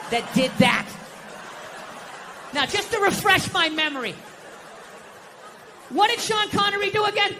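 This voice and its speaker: A middle-aged man doing a stand-up routine on stage, ranting with profanity and breaking into shouts. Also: extremely high pitch, expressive, a little slow, pauses often. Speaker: stand-up comedian. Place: live comedy venue on stage. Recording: echoey hall, crowd laughter, noise. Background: audience laughter.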